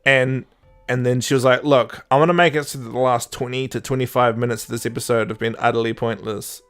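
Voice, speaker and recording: A man's voice: medium pitch, steady tone, fairly quick, a bit bright, soft background music. A young man co-hosting a podcast, rambling and sarcastic in casual chat, laughing often. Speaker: podcast co-host.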